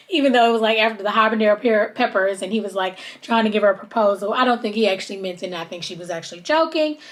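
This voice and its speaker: A woman hosting a podcast, recapping a TV episode in a casual, gossipy chat and calling her listeners "honey.". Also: fast. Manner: chatty, drawls "honey" and "child", mimics people in high voices. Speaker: podcast host.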